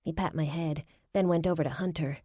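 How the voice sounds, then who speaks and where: A woman's voice: deep voice, steady tone, brisk, mellow, breathy edge, no room sound, studio quality. Woman narrating a romance audiobook. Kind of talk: first-person audiobook narration.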